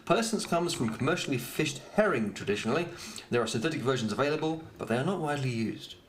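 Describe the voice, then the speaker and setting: A man's voice: mid-range voice, expressive, quick pace. A man co-hosting a podcast, rambling in casual chat and swearing freely. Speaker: podcast co-host. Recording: echoey room with faint noise.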